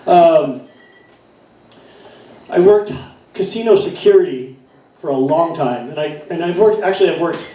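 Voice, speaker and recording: A middle-aged stand-up comedian on a bar stage rambles through his set with plenty of fillers and self-corrections. His voice is a little high, animated and mellow, a little slow, with long pauses, heard from far off in an echoey room.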